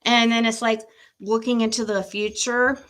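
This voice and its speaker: A woman's voice: on the high side, level tone, normal speed, fairly bright tone. A woman doing a casual tarot-reading livestream at home, emotional and nervous, laughing between readings and talking to her pet.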